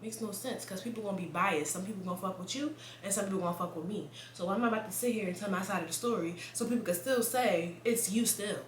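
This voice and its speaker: A young woman, chatting casually to camera in a blunt, profane and animated way, laughing often. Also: mid-range voice, quick pace, few pauses, echoey room, slight background noise. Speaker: vlogger.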